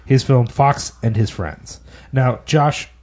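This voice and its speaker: A man co-hosting a film podcast, talking in a relaxed, halting, frank way. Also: medium pitch. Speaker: podcast co-host. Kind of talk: casual film podcast chat.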